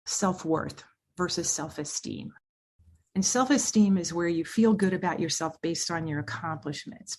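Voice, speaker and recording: A woman speaking as a clinical psychologist guest in a podcast interview, talking in an animated way and acting out the voices she quotes. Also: on the low side, slight background noise.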